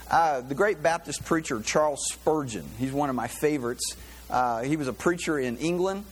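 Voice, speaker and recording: A pastor giving a sermon in a loose, conversational way, with many fillers and restarts. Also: male voice, fairly high pitch, husky. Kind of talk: sermon with a joke.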